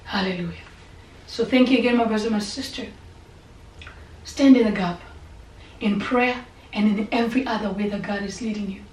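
A woman pastor preaching and praying, impassioned and repetitive, sometimes falling to a soft whisper. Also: medium pitch, normal speed, pauses often. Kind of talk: sermon and prayer. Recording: echoey room, voice from a distance, faint background hum.

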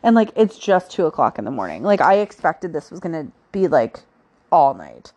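A woman's voice: sits low, very animated, normal speed, warm tone, dull audio. A woman hosting a podcast, telling her own story in a chatty, casual way with frequent fillers. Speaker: podcast host.

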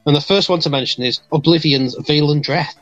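A man hosting a casual podcast chat, jokey and animated, laughing often. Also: on the high side, brisk, muffled recording, faint music behind. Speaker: podcast host.

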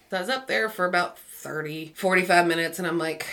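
A woman's voice: lowish voice, a little fast, hardly any pauses. Woman with telling a story. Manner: animated storyteller acting out dialogue. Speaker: podcast co-host. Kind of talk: casual storytelling chat.

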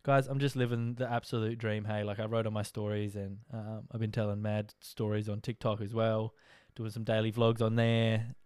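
A man's voice: fairly low pitch, level tone, moderate pace, hardly any pauses, darkish tone, clear, resonant tone, no echo. A young Australian man hosting a podcast, a tired, rambling and chatty talker full of filler words. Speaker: podcast host. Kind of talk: casual monologue update.

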